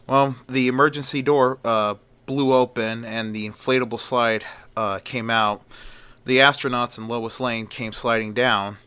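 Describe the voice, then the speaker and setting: Bright-voiced man telling a rambling story. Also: medium pitch, steady tone, unhurried, smooth, dry recording. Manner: rambling, with fillers and restarts. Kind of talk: casual homemade story narration.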